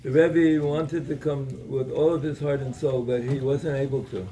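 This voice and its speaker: Guy telling a story at a gathering, stumbles and repeats himself a lot, warm low-key voice, mid pitch. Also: fairly even intonation, distant mic, low-quality recording. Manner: halting, with many repeated words and restarts. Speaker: speaker giving a Torah talk.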